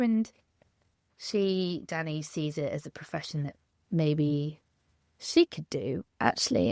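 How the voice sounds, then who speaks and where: Woman cohost chatting about books, gravelly voice, dry close sound. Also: a little high, no room sound. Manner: relaxed, conversational, uses fillers like "kind of". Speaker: podcast co-host. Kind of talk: casual book chat.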